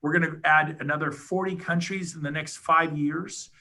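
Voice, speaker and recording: A middle-aged man giving an enthusiastic, emphatic sales pitch as a podcast guest. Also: fairly even intonation, pushed and bright. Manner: fired-up, rapid, emphatic, salesy. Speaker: podcast guest, real estate agent.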